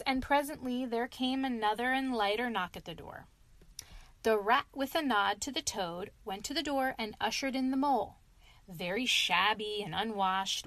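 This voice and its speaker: A woman reading a classic children's story aloud with expressive phrasing and a slightly high voice. The sound is dry and close, and she sometimes trips over a word and corrects herself. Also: no room sound. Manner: expressive reading with occasional slips.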